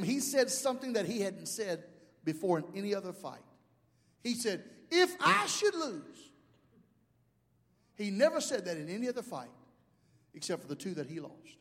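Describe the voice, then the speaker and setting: A man preaches an animated sermon in a very high voice. His talk runs from easy and conversational to loud, surging climaxes. A long reverb hangs on every phrase, as in a large church sanctuary.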